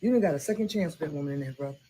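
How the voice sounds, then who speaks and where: A woman's voice: low-pitched, animated, rapid-fire, warm tone, slight background noise, poor audio. A blunt, preachy middle-aged woman hands out sassy advice in a comedy sketch, as a woman plays her. She talks about faith and forgiveness with plenty of laughing asides. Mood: heartfelt advice.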